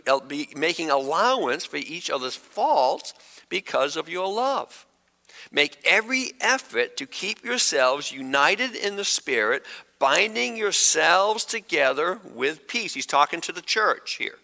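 A man's voice: mid-range voice, animated, gravelly, bright, forceful tone. Man preaching in an echoing church. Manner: conversational preaching with asides and quick humor. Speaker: pastor. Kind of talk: sermon. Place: church sanctuary. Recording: long hall reverb.

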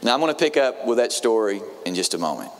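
A male pastor telling a sermon story in a mid-range voice. He restarts his phrases often and becomes lively when he quotes people. The sound has the long reverb of a large church hall. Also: medium pitch, quick pace. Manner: storytelling, frequent restarts, animated when quoting others. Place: church sanctuary.

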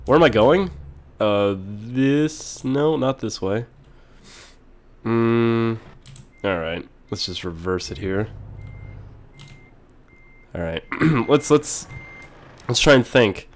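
A man hosting a casual let's-play video while sick, clearing his throat often, excitable and quick to yell and swear when things go wrong. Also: mid-range voice. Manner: excitable, swears and yells at mishaps. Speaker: gaming video host.

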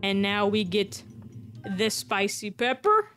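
A woman giving casual, jokey commentary on her own gameplay, excitable and swearing, talking to herself as she plays. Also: medium pitch, takes it slowly, soft background music. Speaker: gaming YouTuber.

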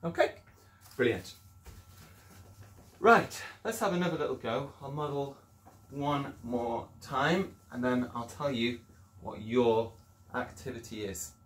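A man's voice: medium pitch, slow pace, pauses often. A male primary school teacher giving an upbeat, encouraging video lesson, sometimes acting out voices as he explains. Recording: echoey room.

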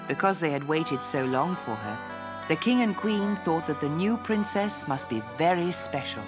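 A woman narrating a fairy tale for children in an expressive, lilting storytelling manner. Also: sits low, moderate pace, music in the background.

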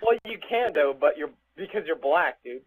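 A man's voice: fairly high pitch, animated, moderate pace, slightly rough. A young man in casual online party chat, irritated and defensive. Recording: tinny phone-like voice chat line.

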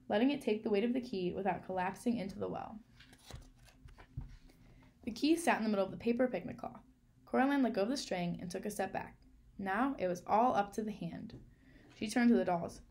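A woman reading a children's novel aloud in a clear, measured storytelling manner. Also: medium pitch, dark tone. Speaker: reader.

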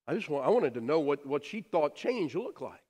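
A middle-aged male pastor with a high, very lively voice preaches in a church sanctuary. He tells stories with big emphasis, then drops to soft, hushed lines. A long reverb rings behind his voice. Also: moderate pace, slightly rough. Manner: animated storytelling, swings from loud emphasis to soft near-whispers. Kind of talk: sermon.

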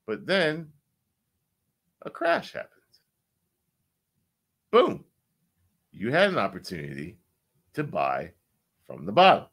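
Animated man breaking down charts. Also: unhurried, pauses often. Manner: animated, repetitive, swears, sweeps between loud and low. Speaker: crypto chart analyst.

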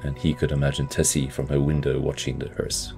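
A man's voice: very deep voice, monotone, fairly quick, creaky, a little mellow, faint music behind. A man hosting a casual book podcast, loosely recapping a plot with lots of hedging fillers. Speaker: podcast host.

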